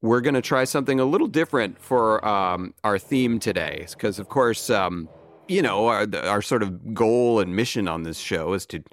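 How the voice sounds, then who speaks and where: A man's voice: lowish voice, animated, normal speed. A man co-hosting a podcast in loose, jokey casual chat, with lots of fillers. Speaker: podcast co-host.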